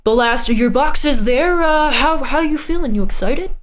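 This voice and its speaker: A woman's voice: high-pitched, lively intonation, moderate pace, voice pushed up. A woman voicing a burly, hairy, kindly man who talks in a folksy, encouraging way. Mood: fatherly, encouraging. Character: burly, hairy, kindly middle-aged man, a family friend.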